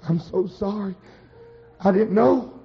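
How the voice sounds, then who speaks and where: A preacher voicing a plain-spoken nurse. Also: male voice, sits high, takes it slowly, vocal fry, breathy edge, soft background music, voice pushed up, heavily acted. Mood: sorry. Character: hospital nurse, woman, brisk then sympathetic. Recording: dull lo-fi recording.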